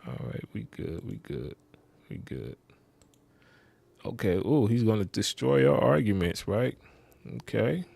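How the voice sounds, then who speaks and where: A man's voice: lowish voice, big pitch swings, unhurried, vocal fry, pauses often, a little mellow, slight background noise. A man hosting a reaction video, rambling and skeptical, muttering asides as he comments.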